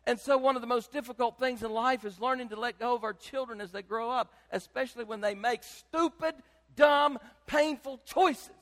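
An older man, preaching a sermon as pastor, emphatic and swinging between loud and soft. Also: very high-pitched, brisk, hardly any pauses, big-room sound.

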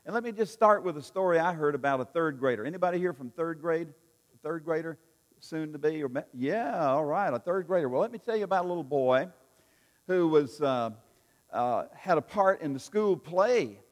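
A pastor delivering a Sunday sermon in a church sanctuary, speaking in a fairly high voice. He tells stories in a folksy way, stopping often on fillers and restarts, while his words trail off into the long reverb of the hall. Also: animated, moderate pace.

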